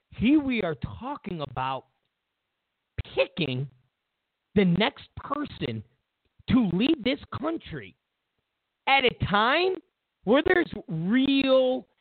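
A man hosting a political commentary show delivers an emphatic, animated, mocking monologue full of mocking asides. His voice is high-pitched, and the recording is dry and tinny, like a phone.

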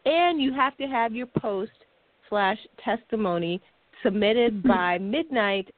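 A woman's voice: fairly high pitch, slow pace, no echo. A woman co-hosting an internet radio talk show, chatting cheerfully and reading out contest details. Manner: bubbly, laughs often. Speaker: co-host. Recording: dry phone-line audio.

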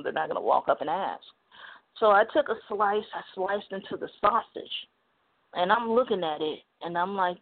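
Chatty woman from the Midwest, phone-line sound. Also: deep voice. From Midwest United States. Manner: chatty, digressive, many "you know" fillers. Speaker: talk radio host. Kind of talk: casual storytelling on call-in talk show. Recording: phone-like narrow band.

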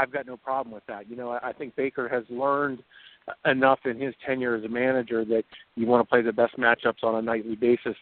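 Hesitant man with a flat voice. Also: mid-range voice. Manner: hesitant, many fillers and restarts. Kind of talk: casual sports podcast chat. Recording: tinny phone-line audio.

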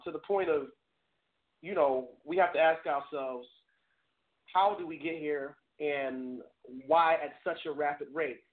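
Guy hosting a live call-in show, earnest, stumbles over words, sounds thin like over a phone. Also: a little high. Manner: earnest, stammering, laughs at himself. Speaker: talk show host. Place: home studio. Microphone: webcam streamed live. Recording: tinny phone-like audio.

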